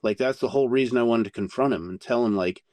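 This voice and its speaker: A man speaking as a podcast guest, spinning a candid anecdote with lots of casual swearing and animated energy. His voice sits at an ordinary middle pitch. The recording is dry and close, with no room echo. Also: fast talker. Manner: profane, animated anecdote-telling. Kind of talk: candid conversational storytelling.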